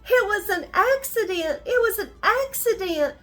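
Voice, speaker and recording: An older woman voicing a tiny, timid male mouse who squeaks and begs politely in a bedtime story. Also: expressive, unhurried, sharp tone, exaggerated voice. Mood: pleading. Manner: squeaky, begging.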